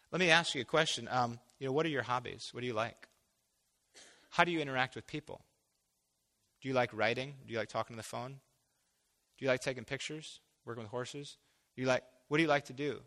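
A man preaching a conversational sermon, acting out imagined dialogue and building to loud, emphatic peaks. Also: medium pitch, big-room sound.

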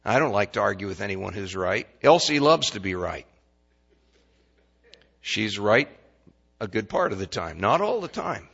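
An older man delivers a folksy sermon in a gravelly voice that has a bright, forceful edge. He stammers and restarts, and he throws questions at the congregation. The recording sounds dull and lo-fi. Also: lowish voice, very animated, measured pace, pauses often. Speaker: pastor.

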